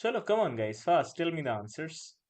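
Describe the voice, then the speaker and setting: In a live online pharmacology lecture, a male teacher with an Indian English accent talks a little fast in a sing-song, fairly high voice with a darkish tone. Phrases get repeated, lines end with "right?", and Hindi words slip in.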